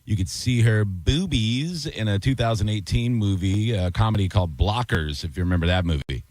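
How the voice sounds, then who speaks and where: A man's voice: on the low side, lively intonation, normal speed, a little mellow, no room sound. A man working as a radio producer, chiming in with hesitant, filler-filled remarks. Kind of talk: casual radio talk.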